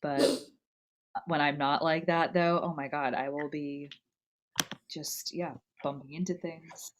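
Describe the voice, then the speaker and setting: A woman's voice: low voice, fairly even intonation, slow, background noise. A young woman co-hosting a casual chat, rambling and laughing often as she talks. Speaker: podcast co-host.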